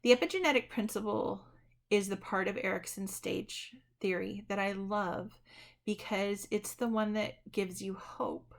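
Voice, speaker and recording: Gravelly-voiced woman lecturing casually. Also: medium pitch, unhurried. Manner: conversational, self-correcting, says "right?" often. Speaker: college psychology instructor. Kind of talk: recorded online lecture.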